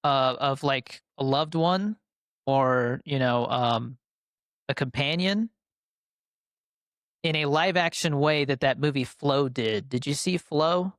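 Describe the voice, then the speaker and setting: A young adult man rambles enthusiastically through a casual podcast chat about his favorite movies, filling it with fillers as he co-hosts. He speaks slowly in a medium-pitched voice that's a bit bright, clear and resonant. It's studio quality, without room sound.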